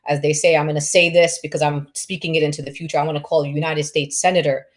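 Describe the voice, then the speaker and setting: A woman's voice: sits low, level tone, fast talker. A woman from New York hosting an event, introducing the next speaker with enthusiasm and many ums. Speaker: event host.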